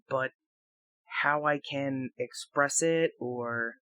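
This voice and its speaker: A man rambling through a reflective solo audio blog into a microphone, halting and questioning himself as he goes, swearing freely. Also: on the high side, fairly bright tone, no room sound. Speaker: audio blogger. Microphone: talking into a microphone.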